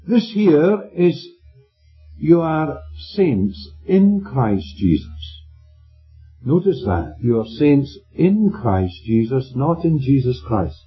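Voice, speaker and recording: A man's voice: a little high, sing-song, slow. A man preaching a sermon with an emphatic delivery, checking in with his listeners through questions. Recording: dull lo-fi recording with faint music.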